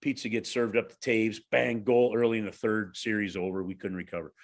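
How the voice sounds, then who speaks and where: A man in his forties, a hockey radio broadcaster, telling a story on a casual podcast with lively, halting restarts. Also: lowish voice.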